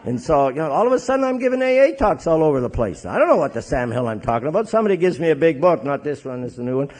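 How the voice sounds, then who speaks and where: A Canadian man and Catholic priest telling his recovery story to an audience in a joking, animated way. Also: a little high, racing. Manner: joking, animated storyteller who acts out others' voices.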